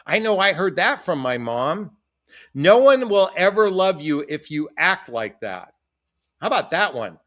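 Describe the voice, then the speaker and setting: A man's voice: on the high side, a bit bright. A middle-aged man, a dating coach, talking earnestly and reflectively to camera, repeating phrases for emphasis. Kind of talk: direct-to-camera advice talk.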